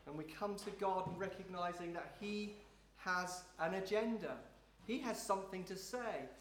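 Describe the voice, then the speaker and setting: Man leading a slow prayerful church teaching. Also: high voice. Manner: slow, repetitive, prayerful phrasing. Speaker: pastor leading a service. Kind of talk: guided devotional teaching. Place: church room with a congregation. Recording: roomy echo, faint noise.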